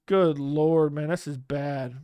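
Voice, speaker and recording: This livestream host talks slowly and steadily from home, his voice smooth and crisp yet dark in tone, sitting slightly high for a man. Reading viewer comments in casual chat, he uses loose slang, speaks bluntly and often leaves thoughts unfinished; the close studio mic gives a dry sound with no echo or room.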